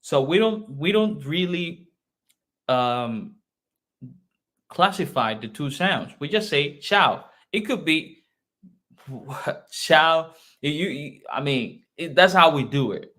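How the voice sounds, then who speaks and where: A man's voice: fairly high pitch, animated, slow, fairly bright tone. A man from Colombia with a Colombian Spanish accent, a native Spanish speaker, teaching an online Spanish lesson in English, repeating phrases patiently and checking in with "okay?".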